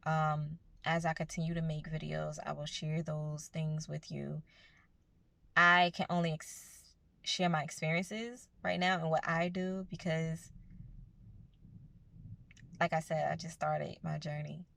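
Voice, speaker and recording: Low gravelly-voiced woman giving pep talk. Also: flat delivery, measured pace, fairly bright tone, no echo. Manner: earnest, conversational, spiritual encouragement. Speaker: self-help vlogger. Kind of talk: casual motivational talk to camera.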